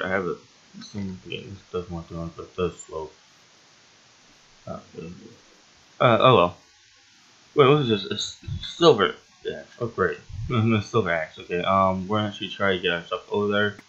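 Excitable low-voiced man narrating gameplay. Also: moderate pace, dull audio. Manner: excitable and rambling, yelps and laughs often. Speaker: gaming channel host. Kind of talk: casual let's-play commentary.

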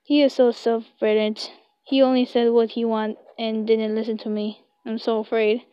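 A young woman reading a web story aloud in slow, halting English, recorded on a close, dry home mic. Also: a little high, level tone, clear, resonant tone, no echo, highs cut off. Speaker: story reader.

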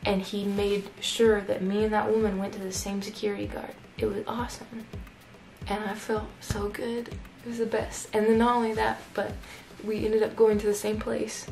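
A woman's voice: mid-range voice, little pitch movement, normal speed, creaky, a little mellow, a little hiss or hum, low-quality recording. A young woman telling a personal story in a casual vlog, chatty and full of "like" fillers. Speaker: YouTuber.

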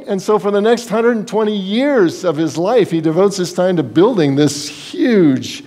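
A pastor gives a sermon in a fairly high male voice. He tells the stories with energy and acts out the people in them. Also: lively intonation, a little slow, few pauses, warm tone. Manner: storytelling, acts out Bible scenes in quoted voices.

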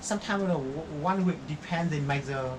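A local trekking guide explaining a farm house in simple, halting English, recorded outdoors in a village. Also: mid-range voice. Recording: noisy outdoor camera audio.

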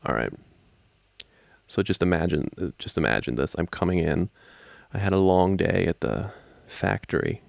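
A young man in a whispered role-play as a boyfriend, soft-spoken and playful, laughing often, close to the microphone. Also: sits low, expressive, moderate pace, creaky, no echo.

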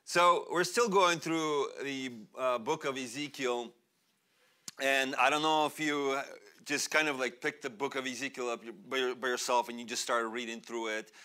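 A young man born in Russia, a pastor preaching a sermon in a church, animated and chatty, laughing often and using many fillers. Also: medium pitch, moderate pace. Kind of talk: sermon with personal storytelling. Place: church sanctuary.

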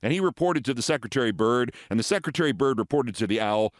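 A man in his sixties, a show host, reading fables aloud with expressive, theatrical storytelling. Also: mid-range voice, fast, no room sound, studio quality.

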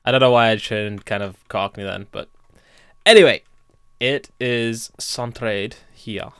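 A man's voice: lowish voice, a little slow, a bit bright, smooth, dry recording, clean studio sound. A young man hosting a let's play, chatting casually and thinking aloud as he builds. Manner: rambling, thinks aloud and talks to himself while building. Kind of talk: casual gameplay commentary.

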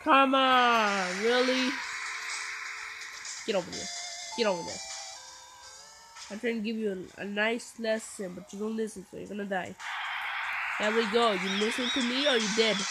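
A woman giving live commentary on her own gameplay, excitable and full of playful trash talk and sudden shouts. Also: a little high, a little slow, pauses often, poor audio. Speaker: gameplay video host. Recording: game music playing behind. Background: game music.

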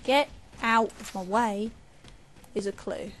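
A woman's voice: mid-range voice, slow, fairly bright tone, slight background noise. A young woman, chatting casually and raging while she plays a shooter game. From England. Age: young adult. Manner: chatty, swears and rages at the game. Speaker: gamer. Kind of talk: casual gameplay commentary.

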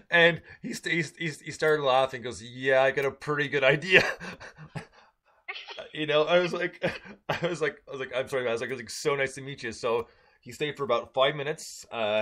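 A man's voice: mid-range voice, fairly bright tone. A man from Michigan telling a casual story on a podcast, rambling with many fillers and restarts.

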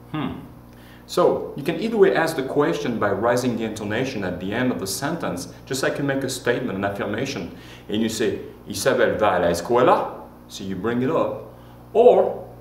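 Male language teacher, talkative and patient, mid-pitched, roomy echo with a faint hum behind. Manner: chatty, self-correcting, repeats examples slowly. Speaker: Spanish teacher. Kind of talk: classroom-style language lesson.

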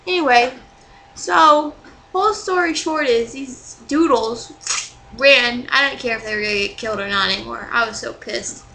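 A young woman vlogging to camera, rambling and exasperated as she rants with plenty of swearing. Her voice sits a little high and sounds bright and sharp, with a faint hiss in the background. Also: normal speed, gravelly, low-quality recording. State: still angry, bruised. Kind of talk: casual vlog rant.

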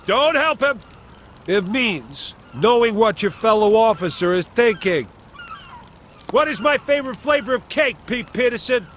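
A pompous cartoon fire chief barks orders at recruits. His voice sits very high and bright, with a faint hiss of background noise. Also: expressive, unhurried, full character voice. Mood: bossy. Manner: pompous and bossy. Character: bossy jolly male fire chief. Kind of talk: animated cartoon voice acting.

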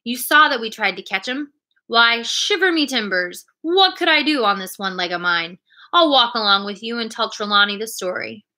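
A woman voicing a jovial, strong, one-legged pirate innkeeper, a tall man, with hearty, booming old sailor talk. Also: lively intonation, normal speed, pushed and bright.

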